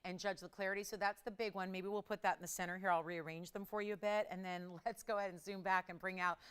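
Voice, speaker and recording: A woman hosting a live TV jewelry shopping show. She gives an upbeat, chatty sales pitch and keeps it moving. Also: steady tone, fast, clear, resonant tone. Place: TV studio.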